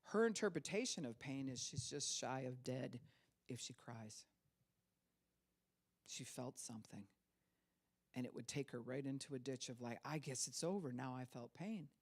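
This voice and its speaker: A woman's voice: very deep voice, sing-song, normal speed, long pauses. A middle-aged woman pastor giving a conversational sermon, acting out quoted voices and laughing now and then.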